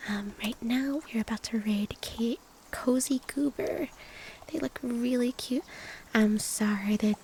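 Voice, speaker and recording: Woman ASMR streamer, whispered stream chat, playful and teasing, a touch high-pitched. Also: measured pace, noisy background. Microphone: binaural or USB mic.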